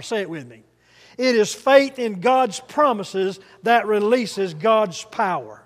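A male preacher with a high voice, delivering a sermon in an emphatic, call-and-repeat style. His voice rings out with a long reverb, the sound of a church hall. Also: lively intonation, slow. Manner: emphatic, has congregation repeat phrases.

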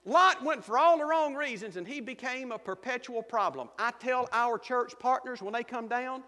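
A man's voice: extremely high pitch, moderate pace, sharp tone, big-room sound. A man with a Georgia Southern accent preaching a humorous sermon as a missionary pastor, telling folksy stories and laughing often. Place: church sanctuary.

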